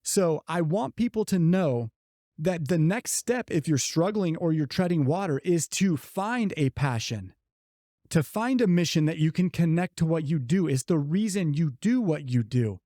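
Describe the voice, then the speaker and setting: A middle-aged man co-hosting a business podcast, telling a story earnestly and slowing down to stress key points. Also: fairly high pitch, expressive, dark tone, no echo, clean studio sound. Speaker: podcast co-host. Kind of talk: motivational podcast talk.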